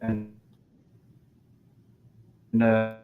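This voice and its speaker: A man's voice: lowish voice, monotone, very slow, soft background music. A man from Pakistan giving a remote talk over a video call, speaking hesitantly with many fillers. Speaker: guest speaker. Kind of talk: remote presentation. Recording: tinny call audio, faint noise.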